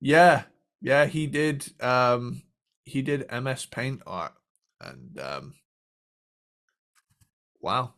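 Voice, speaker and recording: Unhurried man chatting. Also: medium pitch, expressive, fairly bright tone. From England. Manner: laughs often, quotes comedy lines in put-on voices. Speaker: podcast co-host. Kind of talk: casual chat.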